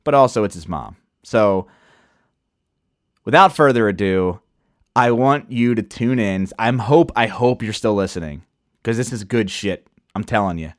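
A man's voice: lowish voice, unhurried, no echo, clean studio sound. A man hosting a podcast in a casual, chatty way, sipping wine as he talks. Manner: animated, chatty, loose and profane. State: sipping wine while talking. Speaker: podcast host. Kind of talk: casual chat.

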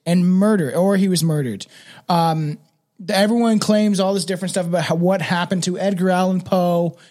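A man's voice: sits high, fairly even intonation, moderate pace, darkish tone. A man in his thirties from Canada, hosting a podcast as casual chat, rambling through stories with lots of fillers and laughs. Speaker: podcast host.

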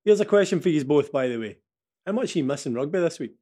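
A man's voice: on the high side, fast. A man in his thirties with a Scottish accent, co-hosting a casual podcast chat, telling stories with a lot of energy, swearing freely and laughing as he goes. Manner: animated storytelling, swears freely, laughs mid-story. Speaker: podcast co-host.

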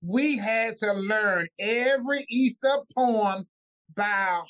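A man's voice: high voice, slow. A man who is a pastor, telling stories from his upbringing in a casual interview and acting out family voices as he goes. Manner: animated, acts out family voices mid-story.

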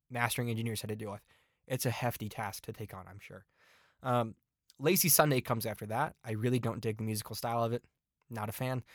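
A man gives a casual album review on his podcast, speaking bluntly and swearing often, his frustration showing in complaints he keeps repeating. His voice is mid-range, and the recording is dry and studio-clean.

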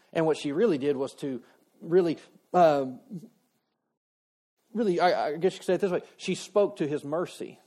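A man preaching a sermon in a relaxed, conversational way, slipping into quoted voices as he retells a story. His voice sits a little high for a man. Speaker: pastor.

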